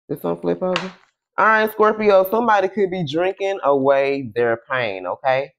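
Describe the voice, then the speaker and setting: A man giving a casual tarot reading to camera. He keeps checking in with "okay?" and "y'all", swears freely, and draws his questions to Spirit out slowly while he shuffles. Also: on the high side, lively intonation, creaky, a little hiss or hum. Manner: chatty, tags lines with "okay?" and "y'all". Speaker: tarot reader.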